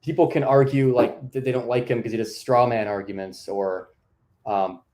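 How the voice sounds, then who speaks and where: A man's voice: medium pitch, fairly even intonation, normal speed, darkish tone. Easygoing young man, lots of "like". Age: young adult. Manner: easygoing, filler-heavy with frequent "like". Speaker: podcast guest. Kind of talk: casual chat.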